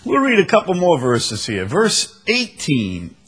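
A man preaching a sermon, animated, acting out scenes with a raised voice and taking questions from the congregation. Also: fairly high pitch, measured pace, slightly rough. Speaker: pastor.

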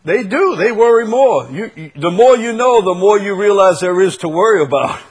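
A man preaching a sermon, repeating key phrases and swinging between loud proclaiming and quiet intensity. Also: high-pitched, expressive, normal speed, slightly rough.

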